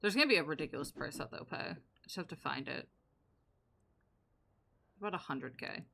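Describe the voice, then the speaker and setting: Sarcastic woman streamer, low bright voice. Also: lively intonation, brisk, gravelly, slight background noise. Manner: sarcastic, joking banter with chat. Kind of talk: casual live gameplay commentary.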